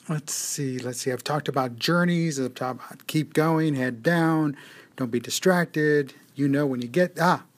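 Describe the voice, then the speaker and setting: A man with a fairly high pitch delivers a casual, reflective motivational monologue for the day. He often repeats phrases and his pace keeps shifting.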